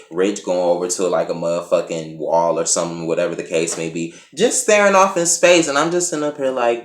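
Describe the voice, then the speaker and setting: A man giving a casual, profane and animated recap of a TV episode as a reviewer. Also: deep voice. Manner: profane, animated, acts out quotes. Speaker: TV show reviewer. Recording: echoey room.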